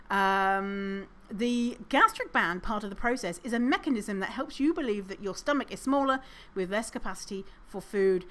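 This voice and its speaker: A woman's voice: medium pitch, lively intonation, normal speed, fairly bright tone. Sarcastic woman podcast host. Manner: sarcastic, swears freely, reads reviews aloud mockingly; laughs often, chatty with many fillers. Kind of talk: casual solo podcast commentary.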